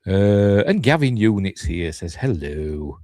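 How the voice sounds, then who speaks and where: A man's voice: lowish voice, very animated, slow, darkish tone, no room sound, clean studio sound. A tired man with a Yorkshire accent hosting a casual live stream, rambling and self-deprecating with chuckling asides. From Yorkshire, England. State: tired, yawning. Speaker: YouTube host.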